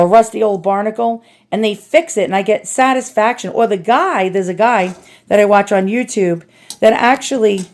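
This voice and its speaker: A woman with a New York accent chatting casually to viewers while cleaning an antique at home, self-deprecating and talkative. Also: medium pitch. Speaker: antiques restoration vlogger. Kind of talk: casual restoration vlog.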